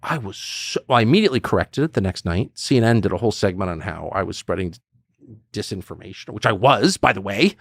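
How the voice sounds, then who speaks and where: Animated gravelly man in his fifties. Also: on the low side, quick pace, no room sound, studio quality. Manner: animated storyteller who acts out quotes. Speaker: guest. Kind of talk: conversational interview.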